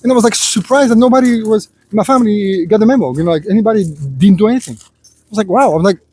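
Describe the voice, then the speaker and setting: A man's voice: high voice, very fast, dark tone, a little hiss or hum. A man speaking in an unscripted personal monologue, rambling and full of filler phrases as he lectures the listener and calls him "son". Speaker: vlogger.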